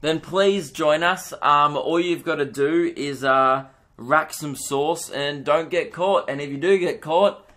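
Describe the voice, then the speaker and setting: A man's voice: fairly high pitch, takes it slowly, a bit bright. A young Australian man hosting a solo comedy podcast, ranting with mock outrage and swearing.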